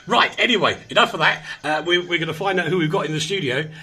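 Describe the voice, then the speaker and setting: A man's voice: a little high, fast, pushed and bright, a little hiss or hum. A man hosting a radio show in a small studio, chatting casually and rambling in a self-mocking way. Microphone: studio microphone.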